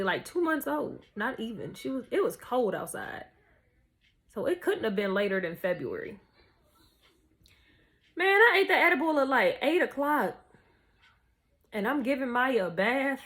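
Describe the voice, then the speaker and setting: A young woman telling a story to camera in a casual, animated, profane way, full of slang. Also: fairly high pitch. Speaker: vlogger.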